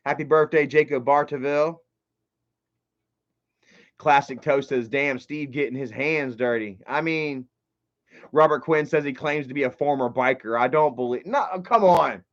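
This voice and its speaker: A man hosting a casual livestream, reading chat and commenting in an excitable, profane way that swings from loud outbursts to low muttering. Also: moderate pace, pauses often. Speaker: livestream host. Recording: dull lo-fi stream audio.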